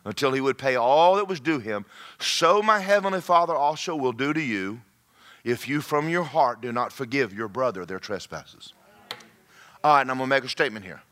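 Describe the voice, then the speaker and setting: Preaching to his congregation, this man alternates pressing, loud statements with hushed side remarks. He speaks at a normal speed, expressive, with a bright, forceful voice whose pitch ranges a lot.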